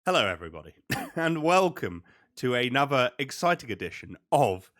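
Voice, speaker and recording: A man's voice: mid-range voice, sing-song, moderate pace, pauses often, a bit bright. A man co-hosting a podcast over a video call, joking and teasing with frequent laughter. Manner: jokey teasing, laughs often, mock outrage. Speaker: podcast co-host. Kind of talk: casual chat.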